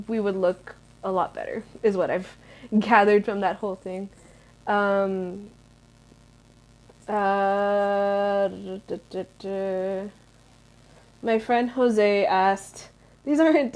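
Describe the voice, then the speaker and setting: A woman's voice: mid-range voice, a little mellow. A young American woman in her twenties, answering viewer questions in a rambling, chatty vlog with lots of fillers. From United States. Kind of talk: casual Q&A chat.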